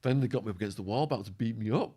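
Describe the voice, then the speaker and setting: Male guest, low-ish voice, lively hoarse storytelling, acts out the quotes. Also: racing. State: voice going hoarse. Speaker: podcast guest. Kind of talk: storytelling interview.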